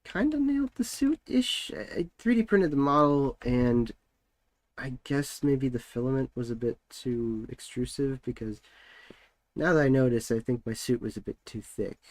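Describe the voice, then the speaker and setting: A man's voice: medium pitch, moderate pace, a little mellow, no room sound. A young man streaming from home, chatting casually and rambling with lots of filler words while he works.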